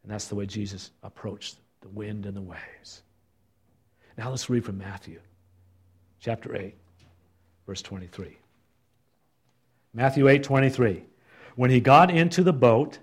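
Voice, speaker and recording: Guy teaching bible study, reads scripture with feeling, ordinary mid-pitched voice. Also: breathy edge. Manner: expressive, reflective reading of scripture.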